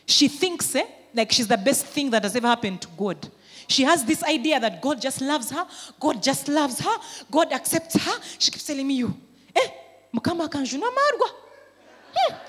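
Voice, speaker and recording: A woman's voice: high-pitched, very animated, moderate pace, fairly bright tone. Woman pastor preaching in a reverberant hall. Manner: preaching with emphatic rising and falling intensity. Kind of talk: sermon.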